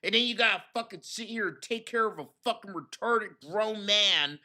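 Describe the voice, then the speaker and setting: A man's voice: high voice, moderate pace, sharp tone. A man hosting a reaction stream, mocking a clip in profane, laid-back slang. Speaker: host commentator.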